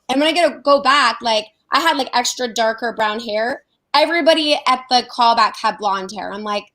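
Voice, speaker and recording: An actress telling animated stories about auditions in a casual interview. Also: female voice, fairly high pitch, quick pace, low-quality recording. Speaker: actress guest.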